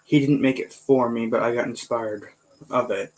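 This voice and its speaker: A man chatting casually, rambling with halting fillers and self-corrections. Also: mid-range voice, fairly even intonation, darkish tone, rough recording. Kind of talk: casual chat.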